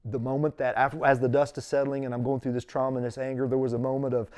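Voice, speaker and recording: A man's voice: mid-range voice, quick pace. Storytelling man. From East Tennessee. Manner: lively storyteller who acts out quoted voices. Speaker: podcast host, former bishop. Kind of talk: casual in-person interview.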